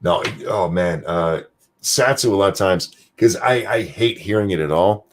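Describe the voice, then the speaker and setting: A man with a very deep voice hosting a casual podcast chat. He banters crudely and jokes around, with an easygoing swagger. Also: normal speed, a little hiss or hum. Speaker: podcast host and streamer.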